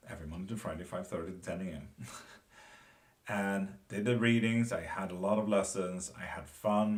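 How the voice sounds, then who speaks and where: A man giving a casual live-stream tarot reading and chatting with viewers, talking loosely and swearing now and then. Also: low voice. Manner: casual, swearing, laughs often. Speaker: tarot reader.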